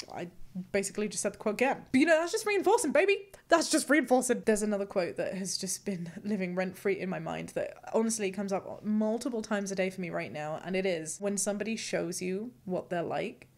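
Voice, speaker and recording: A woman's voice: medium pitch, a little mellow. A young woman hosting a casual chat, bubbly and self-mocking, often breaking into giggles. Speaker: host.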